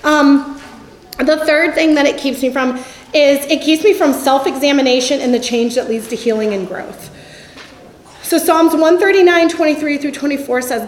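A middle-aged woman giving a candid Christian teaching talk, speaking conversationally and telling stories, often trailing off softly at the ends of thoughts. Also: sits high, steady tone, moderate pace, roomy sound.

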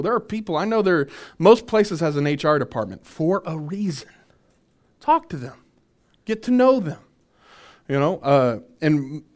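A man, a minister, teaching a church workshop on boundaries, animated and full of restarts as he tells stories. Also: a little high. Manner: animated storytelling with many restarts.

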